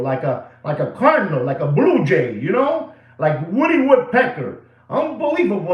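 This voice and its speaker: Animated rambling man in an echoey room. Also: high voice. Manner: rambling, animated, full of "you know" fillers. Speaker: watch dealer channel host. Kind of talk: casual livestream storytelling.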